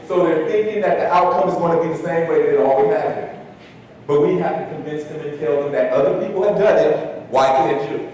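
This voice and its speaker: A man giving a talk to an audience, telling a story in an animated way and acting out the dialogue. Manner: animated storyteller, shifts loudness, acts out dialogue. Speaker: speaker at an education talk. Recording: echoey hall, distant mic, faint rumble.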